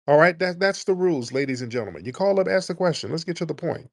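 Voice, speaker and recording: A man's voice: a little high, expressive, fast talker, few pauses, no room sound, clean studio sound. Blunt, impatient male call-in host. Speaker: radio show host. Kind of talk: live call-in commentary.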